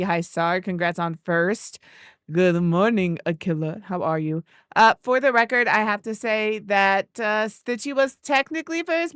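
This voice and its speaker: A woman's voice: lowish voice, no room sound. A chatty woman streamer, dry close sound. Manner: rambling, chatty storytelling; greets viewers by name mid-sentence. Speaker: game streamer. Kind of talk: casual chat with live chat.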